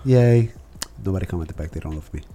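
A man chatting casually on a live stream, rambling with jokes. His pitch swings widely as he tells stories. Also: moderate pace. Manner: joking, rambling, animated storytelling. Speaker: stream co-host.

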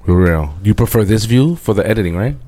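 A man's voice: fairly low pitch, animated, fast, warm tone. A man co-hosting a casual stream, teasing his partner with blunt banter. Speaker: stream co-host.

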